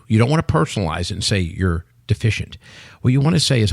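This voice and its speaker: A man in his sixties talks as a podcast guest with a low, gravelly voice. He races through animated stories and acts out what people said. The sound is dry and close. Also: fast talker, dry recording. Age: 60s. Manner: animated storyteller, acts out quotes. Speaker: company CEO, guest. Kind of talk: podcast interview chat.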